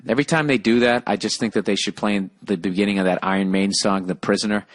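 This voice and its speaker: A man's voice: fairly low pitch, steady tone, fast. A man hosting a solo podcast, reading listener mail aloud and ranting with heavy swearing and sarcasm from a hotel room on a single microphone. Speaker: podcast host.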